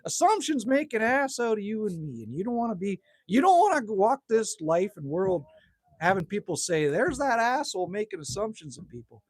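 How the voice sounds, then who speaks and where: A man's voice: sits high, very animated, fairly quick, no echo, clean studio sound. Chatty Canadian man on a livestream. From Manitoba, Canada. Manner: chatty, reads viewer comments aloud. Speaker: livestream host. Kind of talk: casual livestream chat. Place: outdoors by a campfire at sunset.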